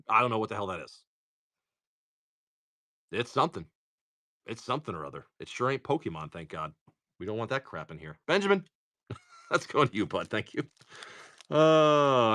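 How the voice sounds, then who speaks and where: A man with a Massachusetts accent hosting a live stream, opening card packs and rattling off each card in quick lists with joking asides. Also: lowish voice, sing-song, pushed and bright, no echo, studio quality. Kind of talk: casual live commentary.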